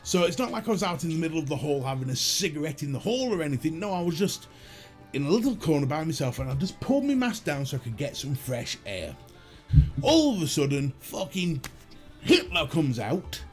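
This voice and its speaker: British male streamer, lively swings in pitch, salty anecdotes, music faint behind. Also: a little fast. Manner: profane, animated, self-mocking storyteller. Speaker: livestream host. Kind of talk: casual storytelling chat.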